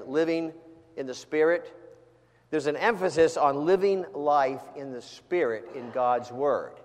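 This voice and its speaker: A man preaching a sermon as pastor, talking conversationally with frequent restarts and rising to emphatic, louder quotes of scripture. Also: medium pitch. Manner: frequent restarts and repeated words. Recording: long hall reverb.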